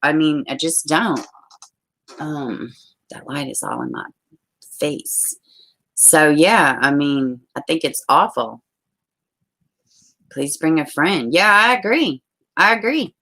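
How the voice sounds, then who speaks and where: A woman's voice: sits low, very animated, slow, long pauses, a bit bright. A woman hosting a casual livestream, chatting with viewers and reading their comments aloud. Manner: chatty, reads out viewer comments, uses y'all. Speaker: livestream host.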